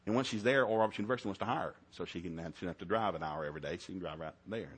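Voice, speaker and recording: A man's voice: deep voice, racing, slightly rough. A middle-aged man, preaching a sermon in a folksy storytelling way. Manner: folksy storytelling, swings to loud shouted preaching. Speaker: pastor.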